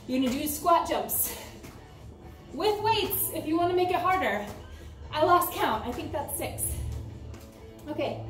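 With long pauses and a measured, animated delivery, a woman with a high voice leads a home workout from the US, counting reps while a little winded. The camera sits at a distance in her ceiling-fan room, so the recording is roomy and remote, with background music.

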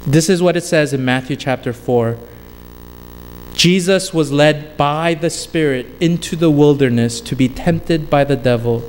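A man with a fairly high voice preaches in a church sanctuary, and his words linger in a long reverb. His delivery swings up and down with emphasis, and a faint hiss sits beneath it. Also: unhurried, a little mellow. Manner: emphatic, rising and falling preaching cadence. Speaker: pastor. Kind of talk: sermon.

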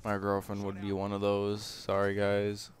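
Young guy doing gameplay commentary, flat monotone, rambly and hesitant. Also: fairly low pitch, moderate pace, clear, resonant tone. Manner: rambling, hesitant, many fillers.

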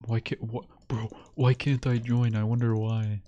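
A man chatting on a livestream in a loose, unhurried way. He rambles, jokes and breaks into laughter often. His pitch sits in an ordinary middle range. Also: little pitch movement, warm tone, lo-fi sound. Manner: rambling, laughs often, joking self-pity. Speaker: streamer. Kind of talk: casual livestream chat.

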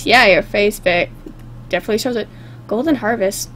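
A woman's voice: mid-range voice, normal speed, fairly bright tone. A woman giving casual, playful commentary while playing a game, often giggling and joking. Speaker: gamer.

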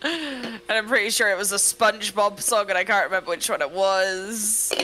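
A woman's voice: medium pitch, normal speed, sharp tone, poor audio. A woman co-streaming, chatting casually, thanking followers and laughing often. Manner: giggly, frequent laughter.

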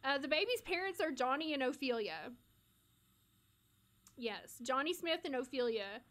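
A woman's voice: high-pitched, lively intonation, moderate pace, a bit bright. A woman streaming a life-sim game, chatting casually with her chat and laughing often, with an American accent. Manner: giggly, chatty, reads and answers chat. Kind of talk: casual live-stream commentary.

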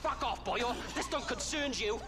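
A high, sing-song Welsh thug in a video game, jeering and hostile. His taunts ride over clear game noise. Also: lively intonation, normal speed. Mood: taunting.

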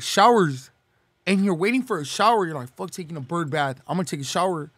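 A young man from Los Angeles, talking casually as a podcast guest, swearing and slangy, reeling off shout-outs. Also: on the high side, fairly quick, breathy edge, no echo.

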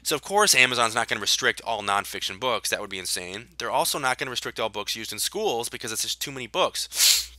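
A man's voice: medium pitch, animated, a little fast, few pauses, sharp tone, no room sound. A man giving a solo explainer talk on selling online, emphatic, with sarcastic asides and repeated key points. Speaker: online seller educator.

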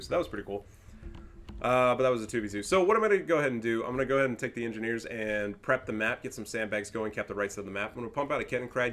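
A young man casting his own strategy game online, talking in a casual, slangy and profane way and laughing often. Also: on the low side. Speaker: gaming YouTuber and caster. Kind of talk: casual gameplay commentary.

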